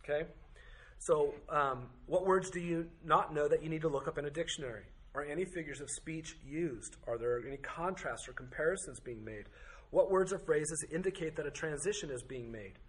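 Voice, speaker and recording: A man's voice: fairly high pitch, moderate pace, fairly bright tone. A man teaching a Bible study class, firing off strings of rhetorical questions with occasional joking asides. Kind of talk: teaching to a group.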